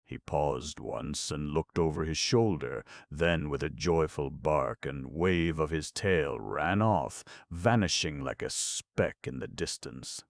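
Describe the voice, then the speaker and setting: A male audiobook narrator with a very deep, gravelly voice, reading a storybook steadily and without hurry. The recording is close and dry. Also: takes it slowly, hardly any pauses, dry recording. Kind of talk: scripted narration.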